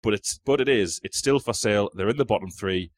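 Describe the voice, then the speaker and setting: Male quiz host, lowish voice, playful, reads quotes aloud, dry studio sound. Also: a little fast, no echo. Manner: teasing, joking, reads quotes aloud and repeats them. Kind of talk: casual podcast chat, reading out quiz questions.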